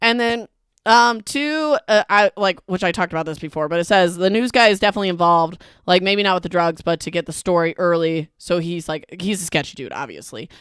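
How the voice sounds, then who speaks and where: A woman's voice: on the low side, expressive, brisk, fairly bright tone, clear, resonant tone, no echo, studio quality. A woman hosting a casual book recap podcast, talking in a chatty, emphatic way and filling her speech with "like". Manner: chatty and emphatic, heavy use of "like". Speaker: podcast host.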